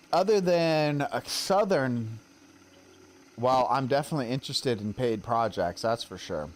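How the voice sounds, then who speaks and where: Chatty man with a Western American accent. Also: mid-range voice. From Colorado. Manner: rambling, chatty, self-deprecating. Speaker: game streamer. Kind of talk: casual chat while streaming a game.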